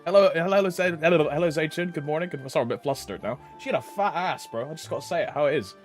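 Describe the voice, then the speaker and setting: A man's voice: a little high, very fast, soft background music. A young man streaming a game, greeting chat by name, with frequent laughs and slangy banter. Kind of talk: casual live-stream chat.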